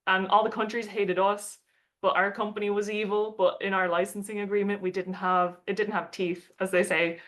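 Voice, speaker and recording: A young woman with a mid-pitched voice talks casually about her work. She tells the story in a chatty, loose way. She slips into playful put-on voices to quote people and often breaks into short laughs. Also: flat delivery, moderate pace, fairly bright tone. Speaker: astronomer giving a talk.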